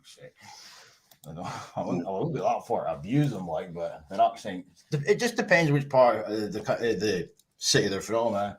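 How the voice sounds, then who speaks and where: A man's voice: lowish voice, very animated, moderate pace, husky, rough recording. A man with a Scottish accent, chatting bluntly on an online call, swearing freely. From Scotland. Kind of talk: casual online chat.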